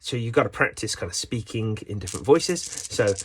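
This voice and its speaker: A man's voice: medium pitch, animated, fairly quick, few pauses. Rambling jokey man, noisy recording. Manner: rambling, jokey, self-mocking. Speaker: channel host. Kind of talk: rambling explainer vlog.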